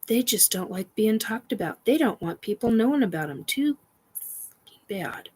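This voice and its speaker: A woman's voice: on the high side, expressive, fairly quick, mellow, slightly rough, poor audio. A woman hosting a casual paranormal chat stream, rambling with many fillers, defiant and swearing.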